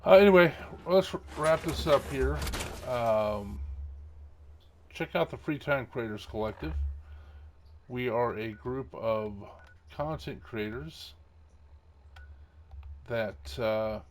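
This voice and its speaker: A man's voice: medium pitch, takes it slowly, pauses often, slight background noise. A middle-aged man hosting a gaming channel, chatting casually over gameplay in a rambling way, with many fillers and chuckles.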